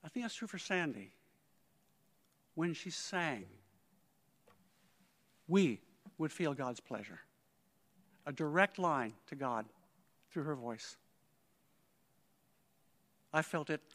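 A man's voice: on the high side, animated, takes it slowly, pauses often, fairly bright tone. A male conductor giving a heartfelt eulogy, telling stories and often quoting others. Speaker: conductor at a memorial. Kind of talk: eulogy speech. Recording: long reverb of a large hall.

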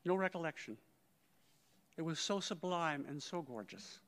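In a large hall with long reverb, a male conductor offers a heartfelt eulogy at a memorial, telling stories and often citing others' words. His fairly high, fairly bright voice has lively intonation, moving at normal speed with long pauses.

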